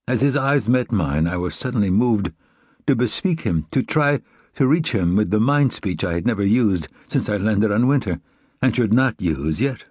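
A man narrating a novel in a measured, reflective reading. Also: lowish voice, lively intonation, a little mellow, slightly rough, no echo, studio quality. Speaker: audiobook narrator. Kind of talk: scripted narration.

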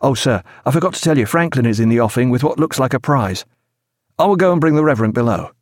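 A man voicing an eager, loyal young naval lieutenant who reports in a brisk, cheerful way. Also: mid-range voice, lively intonation, dry recording, studio quality, pitched above the performer's own voice, lightly acted. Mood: hurried.

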